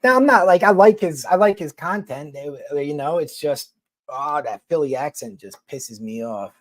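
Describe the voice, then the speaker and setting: A man's voice: a little high, lively intonation, normal speed, no echo. Profane Philly-accented guy on a livestream. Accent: Philadelphia. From New York City. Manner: profane, rambling, blunt. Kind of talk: casual livestream chat answering viewers.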